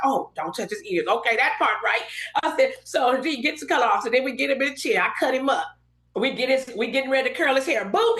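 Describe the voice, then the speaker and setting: Woman, forties, Southern California accent, guest telling animated stories with acted-out quotes; fairly high voice, roomy echo. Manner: animated, acts out quoted voices, laughs often. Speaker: guest, hairstylist. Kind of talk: storytelling in casual interview. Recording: echoey room.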